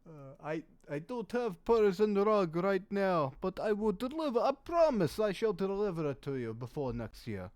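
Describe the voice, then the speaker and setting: A man putting on a shady salesman with a fake European accent. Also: very animated. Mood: pushy. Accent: vague put-on European. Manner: slow, loud, overly reassuring sales pitch. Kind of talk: improvised comedy bit on a podcast.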